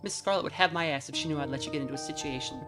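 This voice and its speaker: A gruff old mountain man with a folksy rural drawl, as a woman puts him on in a deep, low register. He sounds crusty and protective, and music plays clearly behind him in a game stream. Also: very fast, close to an everyday voice.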